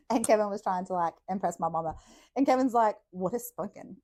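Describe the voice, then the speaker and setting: A woman tells childhood stories on her podcast. She talks casually, swears freely and breaks into laughter often. Her voice sits at an ordinary middle pitch for a woman. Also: moderate pace. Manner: profane, laughing, animated storytelling. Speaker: podcast host. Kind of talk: casual storytelling.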